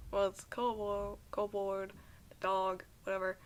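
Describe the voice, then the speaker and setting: Reading a game's narration aloud on stream, this young woman trips over her words, stumbling and starting them again. Her voice sits at a medium pitch, with fairly even intonation and a measured pace.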